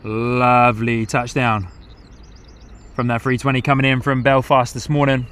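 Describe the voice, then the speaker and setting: A man's voice: mid-range voice, little pitch movement, normal speed, fairly bright tone, smooth. Chatty man commentating planes outdoors. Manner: chatty, reads out viewer comments, laughs often. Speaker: live-stream host. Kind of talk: live plane-spotting commentary. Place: outdoors at an airport.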